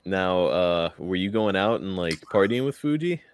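A man's voice: deep voice, expressive, moderate pace, a little hiss or hum. A man hosting a podcast, upbeat and laughing as he reads out listener questions. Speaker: podcast host. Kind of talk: casual podcast chat.

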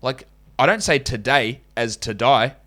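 A man's voice: medium pitch, animated, a little slow, a bit bright. A man with an Australian accent hosting a solo sports podcast in a casual, blunt, opinionated way, swearing now and then. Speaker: fantasy basketball podcast host.

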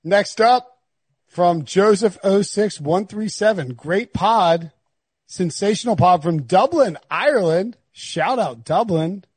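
A man's voice: high voice, lively intonation, takes it slowly, breathy edge, no room sound. A man hosting a sports podcast, bantering casually with friends and often laughing. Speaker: podcast host.

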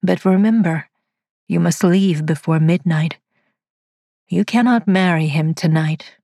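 A woman voicing a calm, controlling male cyborg master in a storybook reading, speaking softly and gently. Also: lowish voice, creaky, no room sound, studio quality. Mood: commanding. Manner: soft, gentle, measured delivery. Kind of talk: audiobook dialogue read by a narrator.

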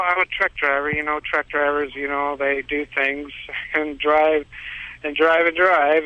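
A man's voice: a little high, highs cut off. A man calling in, telling a long story in a rambling, repetitive way and laughing at himself. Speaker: caller. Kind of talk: casual phone-in storytelling.

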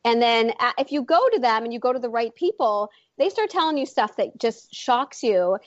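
Chatty woman telling her story, slightly high. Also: expressive, normal speed, no echo, lo-fi sound. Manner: chatty, rambling, many fillers and restarts. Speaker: author and medium, interview guest. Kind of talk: casual interview storytelling.

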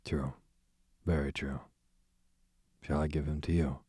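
Guy reading as a sarcastic smooth duke, super deep voice, slow and dry. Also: flat delivery, dark tone, no room sound, full character voice. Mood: sardonic. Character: sardonic aristocratic male duke, languid and smooth.

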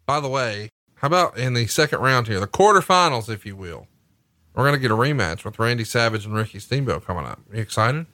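Brash, bright-voiced male podcast host. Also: mid-range voice, expressive, fast, dry recording. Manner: brash, joking ad read. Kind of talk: casual podcast chat with a read ad.

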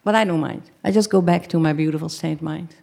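A woman with a slightly low voice tells a personal story live on stage. She speaks in halting bursts, often repeating or restarting a phrase before going on, and voices her own past cries for help. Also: vocal fry. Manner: acts out her own shouted pleas.

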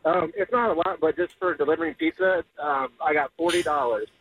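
A man's voice: a little high, big pitch swings, brisk, vocal fry, a crowd in the background. A man calling in to a radio show, telling a rambling, sheepish story. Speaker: caller. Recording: tinny phone line.

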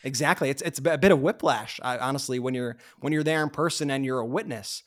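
A man co-hosting a podcast, talking casually in rapid bursts and restarting his sentences often. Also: mid-range voice. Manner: rapid, with frequent restarts and fillers. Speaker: podcast co-host. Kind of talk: casual conversational storytelling.

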